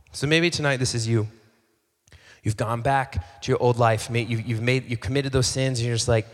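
A pastor preaches a relaxed, conversational sermon in a large church hall, at medium pitch and a moderate pace. He acts out little bits of dialogue and often repeats phrases.

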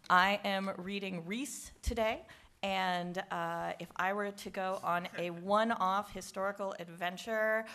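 A woman's voice: medium pitch, steady tone, measured pace, fairly bright tone, clear, resonant tone. A woman introducing herself at a live comedy reading, upbeat and cheeky. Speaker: comic shop owner, guest reader. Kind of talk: live comedy stage banter.

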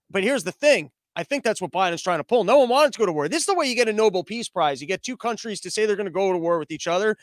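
A man's voice: high-pitched, animated, fairly quick, no room sound, studio quality. A man hosting a comedy show, delivering a sarcastic, ranting political monologue.

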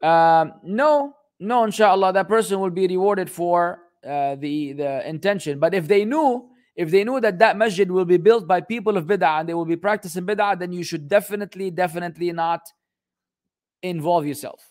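A man's voice: high voice, moderate pace, darkish tone. A man hosting a casual question-and-answer session, blunt and exasperated, joking around and dropping Arabic phrases into his talk. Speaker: host answering viewer questions. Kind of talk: casual live Q and A.

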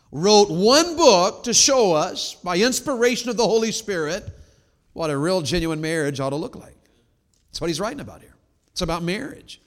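A man preaches with a high-pitched voice. He swings from loud exclamations to hushed, drawn-out words. His voice rings with the long echo of a large hall. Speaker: Baptist preacher. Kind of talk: sermon.

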